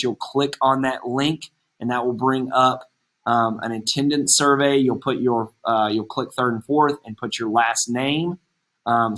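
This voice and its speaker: Casual teacher on a video call. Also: male voice, mid-range voice, a bit bright. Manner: casual, repetitive "okay?" check-ins. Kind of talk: online class instruction. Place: home setup on video call.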